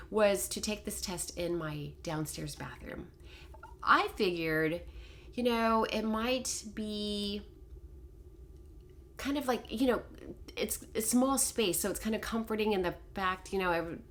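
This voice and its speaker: A middle-aged woman telling a personal story to camera in a casual, animated, self-deprecating way. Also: mid-range voice, slight background noise. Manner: animated, self-deprecating, quotes others in dialogue. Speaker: vlogger telling a life story.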